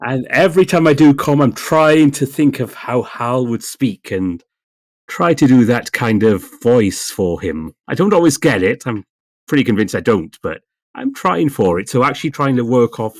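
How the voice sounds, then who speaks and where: Mid-pitched man, podcast guest, steady and thoughtful, dry recording. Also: normal speed, dry recording. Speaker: voice actor guest. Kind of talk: casual podcast chat.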